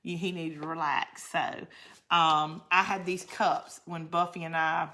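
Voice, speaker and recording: A bright, forceful voice belongs to a middle-aged woman. She chats loosely and rambles from one thought to the next. She answers her viewers directly as she works on a craft. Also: sits low, little pitch movement, unhurried. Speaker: craft channel host. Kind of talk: casual livestream craft chat.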